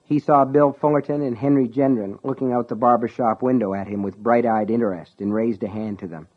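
A man's voice: mid-range voice, steady tone, a little fast. Man narrating a story on a tinny line. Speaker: audiobook narrator. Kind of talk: scripted narration.

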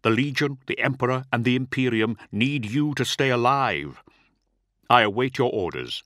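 A loyal officer speaks in an earnest, measured way, pitched noticeably above the narrator's own voice, as a man puts him on. The sound is close and dry. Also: lively intonation, a bit bright, no echo, close to an everyday voice. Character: loyal, calm male officer pleading.

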